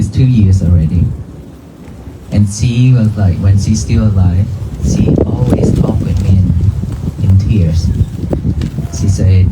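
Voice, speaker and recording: Low, slow-spoken man giving an outdoor talk. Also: heavy background noise. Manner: calm, repetitive, asks the crowd questions. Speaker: Buddhist monk giving a talk. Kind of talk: outdoor dharma talk to a crowd. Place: outdoors in a cemetery.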